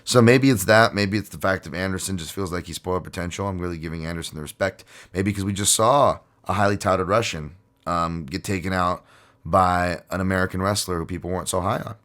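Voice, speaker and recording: Low-voiced man rambling on a podcast. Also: a little fast, a bit bright. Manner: rambling and profane, with frequent fillers and laughs. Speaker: podcast host. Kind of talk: casual solo podcast talk.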